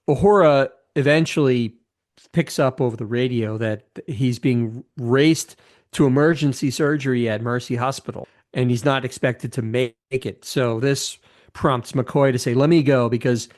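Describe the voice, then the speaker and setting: In a relaxed film discussion, a man in his fifties serves as co-host, speaking in a mid-range voice. He enthusiastically retells scenes, rambling as he goes and often restarting sentences.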